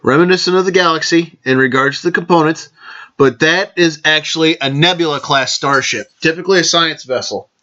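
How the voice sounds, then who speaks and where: A man's voice: on the high side, fairly quick, sharp tone, muffled recording. A man hosting a casual vlog, rambling along, correcting himself and raising toasts to his listeners. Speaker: podcast host.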